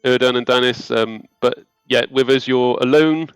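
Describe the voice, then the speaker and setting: A man's voice: mid-range voice, normal speed, clear, resonant tone, no echo, faint music behind, low-quality recording. Man, game master, rambling, dry close sound. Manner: rambling, hesitant, amused. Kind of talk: narrating a tabletop game.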